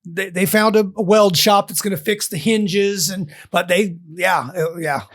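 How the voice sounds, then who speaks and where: A man's voice: high-pitched, measured pace. An older man in casual podcast talk, telling stories animatedly and acting out what people said. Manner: animated storyteller who acts out quotes. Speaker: guest. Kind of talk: storytelling podcast chat.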